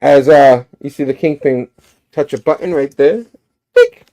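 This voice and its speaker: A man's voice: medium pitch, normal speed, dark tone. A man reviewing a comic, retelling its story animatedly with sound effects and frequent laughs.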